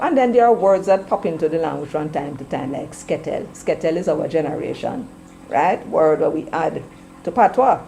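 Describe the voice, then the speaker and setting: With a Jamaican accent and patois creeping in, a middle-aged woman preaches her political opinions forcefully. Her voice runs on the low side, and the audio is poor, carrying a little hiss or hum.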